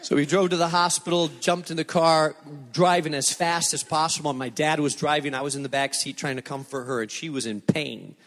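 High-voiced preacher in a reverberant hall. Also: male voice, fairly quick, hardly any pauses. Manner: animated storytelling preacher, emphatic and repetitive. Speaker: pastor. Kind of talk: sermon. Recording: long reverb of a large hall.

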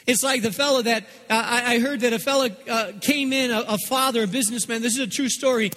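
A middle-aged man preaching a sermon as pastor, emphatic and repetitive, swinging between loud passages and hushed ones. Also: very high-pitched, fairly even intonation, fast, hardly any pauses. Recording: long reverb of a large hall.

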